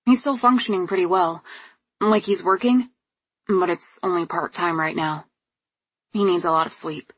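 A woman's voice: lowish voice, normal speed, pauses often, slightly rough, no room sound. A woman reading the lines of an earnest, vulnerable young man in an audiobook. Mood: sad.

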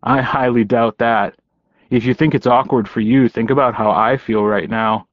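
A man's voice: mid-range voice, steady tone, normal speed, no echo, lo-fi sound, close to an everyday voice. Man doing a smug teasing werewolf guy, easygoing and mocking, audiobook voice, dry sound. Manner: easy, mocking, delighted. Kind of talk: audiobook character voice.

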